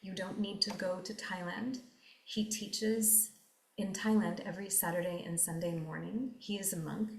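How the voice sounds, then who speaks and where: A woman giving an earnest, reflective talk on meditation, repeating phrases and slowing down for emphasis. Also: mid-range voice, steady tone, creaky, roomy sound, slight background noise, low-quality recording. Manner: earnest, repetitive, slows down for emphasis. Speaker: meditation teacher.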